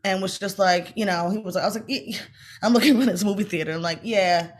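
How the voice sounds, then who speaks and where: In a relaxed interview, this middle-aged woman, an actress, recounts a story with lots of animation. Her pitch is medium, she performs the quoted voices herself, and her speech comes in quick bursts.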